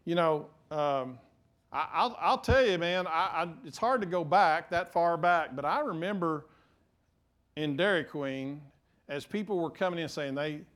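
Middle-aged male pastor, fairly high voice, halting but emphatic preaching. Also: lively intonation. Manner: halting restarts, swings from quiet to emphatic. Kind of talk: sermon.

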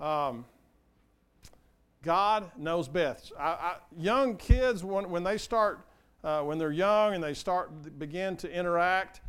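A man's voice: high-pitched, fairly bright tone, smooth. An older man preaching a sermon as pastor, earnest and conversational, often asking the congregation questions.

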